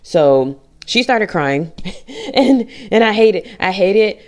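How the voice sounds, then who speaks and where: A woman's voice: medium pitch, sing-song, slow. A woman talking candidly in a personal vlog, blunt and frequently swearing, acting out the things people said to her. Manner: blunt, frequent swearing, acts out quoted dialogue. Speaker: vlogger.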